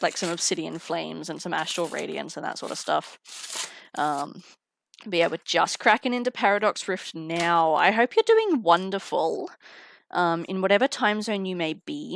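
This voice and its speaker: A woman's voice: fairly low pitch, creaky, fairly bright tone, a little hiss or hum. A young woman chatting casually on a live stream while opening trading cards, giggling and greeting viewers through a headset mic. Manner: chatty, giggly, talks to chat while unboxing. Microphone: headphones with mic.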